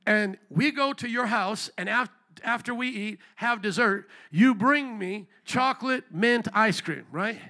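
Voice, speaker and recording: A male pastor preaching a sermon in church, emphatic, calling out to the congregation for amens and slowing down to stress key words. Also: high voice, pushed and bright.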